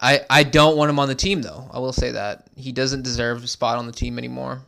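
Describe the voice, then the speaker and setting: A man co-hosting a podcast in casual chat, dry and dismissive in his short replies. His voice has a gravelly, creaky texture. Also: medium pitch, fairly even intonation, brisk, fairly bright tone. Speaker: podcast co-host.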